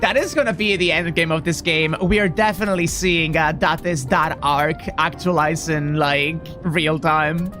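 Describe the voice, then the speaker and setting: A woman's voice: deep voice, moderate pace, few pauses, music in the background. A woman streaming a video game, chatting casually, joking and swearing as she plays. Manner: profane, joking, laughs often. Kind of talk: casual gameplay commentary.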